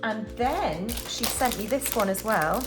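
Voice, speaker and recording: Over loud music, a woman with a mid-range voice speaks at a measured pace with lively intonation. A UK budgeting channel host, she chats in a casual cash-stuffing vlog, counting banknotes out loud and laughing at her own mistakes.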